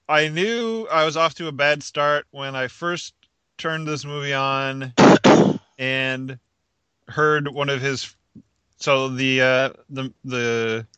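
Male podcast co-host, casual rambler, bright tone, dry close sound. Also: medium pitch, smooth, no echo. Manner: rambling, frequent restarts, laughs at own jokes. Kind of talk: casual chat.

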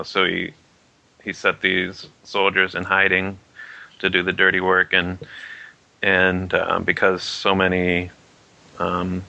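Low, gravelly male co-host; bright edge, halting casual delivery. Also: lo-fi sound. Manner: rambling, halting with fillers. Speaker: comic book podcast co-host. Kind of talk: casual discussion.

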